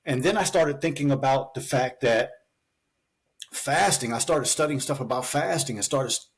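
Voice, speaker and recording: A man's voice: medium pitch, moderate pace, breathy edge. A man, a physician guest on a talk show, telling his story in a loose, chatty way with many fillers. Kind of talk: conversational storytelling interview.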